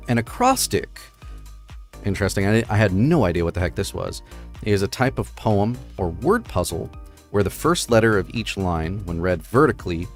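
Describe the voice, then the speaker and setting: A middle-aged man hosting a casual livestream, chatting through explanations with many fillers and quick checks with listeners. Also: on the low side, lively intonation, faint music behind. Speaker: host.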